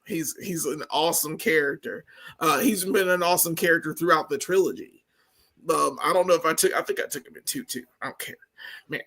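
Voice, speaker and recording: Man, high voice, sharp bright tone, excitable, casual podcast chat. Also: brisk. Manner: excitable, repeats himself insistently. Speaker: podcast co-host. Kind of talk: casual movie review chat.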